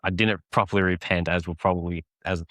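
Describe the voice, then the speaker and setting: A man's voice: sits low, fairly even intonation, brisk, fairly bright tone, no echo. A young man, a podcast guest telling a personal story in a rambling way with many fillers. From Australia. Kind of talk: personal testimony in casual conversation.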